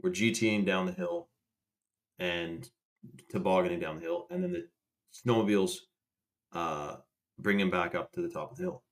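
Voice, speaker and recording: A man's voice: low-pitched, big pitch swings, moderate pace, pauses often. A young man casually telling a rambling story to a live chat, swearing and restarting as he goes. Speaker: livestream host.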